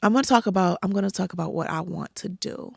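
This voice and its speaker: A woman guest on a podcast, telling personal stories in a lively, emphatic way and acting out what others said. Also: medium pitch, quick pace, vocal fry, husky, no echo, studio quality. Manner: animated, emphatic storytelling with acted-out quotes. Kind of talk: casual interview storytelling.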